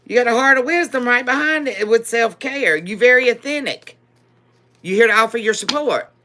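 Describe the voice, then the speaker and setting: A woman's voice: a little high, expressive, normal speed, sharp tone. A woman giving a live-streamed tarot reading, laughing often, repeating phrases for emphasis and calling her viewers baby. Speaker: tarot reader.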